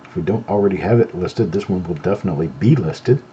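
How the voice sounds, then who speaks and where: A middle-aged man talks casually as the host of a live show, easygoing and unhurried as he examines things and chats to his viewers. His voice sits low and sounds warm and relaxed. The recording is a little muffled, with a faint hiss underneath. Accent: no southern accent. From not from North Carolina. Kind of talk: casual live-stream chat.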